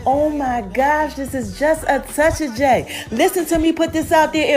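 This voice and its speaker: A woman podcast host, recapping a TV episode in an animated, chatty way, calling her listeners y'all and acting out the characters' lines. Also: sits high, a little slow, few pauses, faint music behind. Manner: animated, addresses listeners as y'all, acts out quotes.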